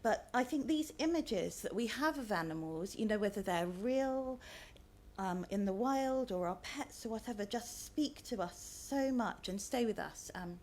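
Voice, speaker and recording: A woman's voice: mid-range voice, lively intonation, unhurried, darkish tone, slight background noise. A woman author giving a chatty talk with slides, hesitant and full of ums. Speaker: author, guest speaker.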